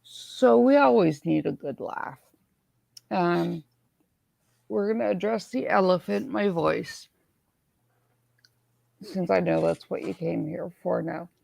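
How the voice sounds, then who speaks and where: A woman hosting a casual live stream, hoarse from swelling in her neck, who chats in a self-mocking way and reads viewer comments aloud. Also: lowish voice, slow pace, pauses often, darkish tone, no room sound. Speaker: livestream host.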